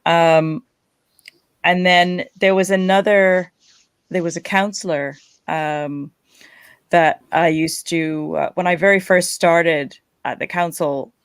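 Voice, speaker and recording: A woman from the United States casually telling an anecdote on a panel, animated and full of fillers. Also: fairly low pitch, slow, clean tone, dry recording, clean studio sound. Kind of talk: casual storytelling chat.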